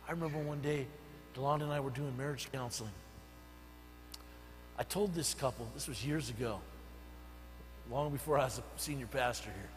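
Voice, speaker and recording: An older man, a senior pastor, preaching a sermon, telling stories and swinging between soft asides and loud emphatic bursts. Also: medium pitch, in a large hall, poor audio. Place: church sanctuary.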